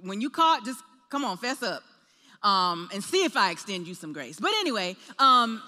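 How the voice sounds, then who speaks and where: A woman preaching a sermon, telling a personal story in an animated way and acting out the voices in her quotes. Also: medium pitch, moderate pace, in a large hall.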